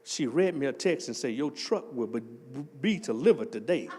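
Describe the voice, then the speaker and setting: An older man, preaching a testimony sermon as associate pastor and telling a story that builds up into shouting. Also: mid-range voice, moderate pace, big-room sound. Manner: animated storytelling, swells into shouting.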